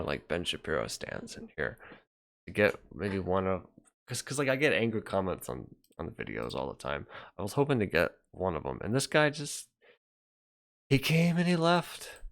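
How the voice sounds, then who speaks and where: Speaking at normal speed in a lowish, sing-song voice, a young man hosts a casual livestream where he reads chat, responds to viewers, rambles, and trails off.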